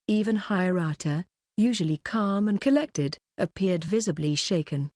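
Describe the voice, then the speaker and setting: A woman reads a first-person novel in a measured, even way. Her voice sits on the low side. The sound is close and dry, with no room around it. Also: no echo. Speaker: audiobook reader.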